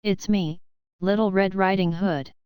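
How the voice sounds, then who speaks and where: A woman's voice: medium pitch, fairly even intonation, unhurried, darkish tone, clean tone, no room sound, studio quality, close to an everyday voice. A woman reading the lines of a sly, falsely polite male wolf in a children's storybook.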